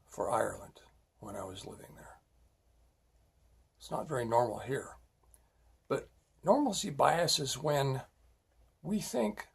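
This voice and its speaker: A man's voice: fairly high pitch, gravelly, breathy edge. A middle-aged man, a former police officer, giving a blunt safety talk full of personal stories and often checking in with "all right?". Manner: emphatic, repeatedly asks "all right?"; blunt and scolding when making a point.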